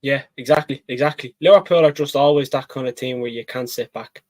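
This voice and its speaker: A man co-hosting a casual football match-reaction chat, excitable and rambling, often calling his co-host mate. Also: medium pitch, a little fast, no room sound, low-quality recording.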